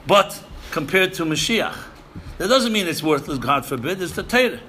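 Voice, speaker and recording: Emphatic bright-voiced man lecturing. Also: high voice, expressive, normal speed, a little hiss or hum. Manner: emphatic, repeats phrases, Yiddish and Hebrew terms. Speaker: rabbi lecturing seminary students. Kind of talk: sermon-style lecture.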